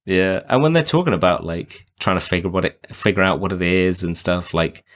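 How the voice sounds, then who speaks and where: A man co-hosting a podcast and talking through a film in casual chat, rambling and animated, with plenty of filler words. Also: low-pitched, fairly quick. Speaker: podcast co-host.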